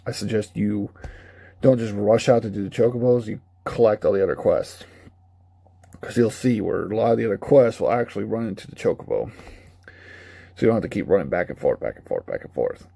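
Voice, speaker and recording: A man's voice: fairly low pitch, brisk, gravelly, warm tone, husky, no room sound. A man giving a casual, rambling, candid spoken review of a video game. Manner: rambling, candid, laughs at his own retellings.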